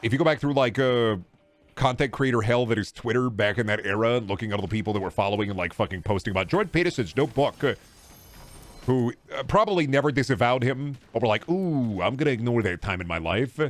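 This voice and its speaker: A man's voice: mid-range voice, fast talker. A man streaming a game, rambling crudely and joking with friends. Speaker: streamer host. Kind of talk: casual stream chat while gaming.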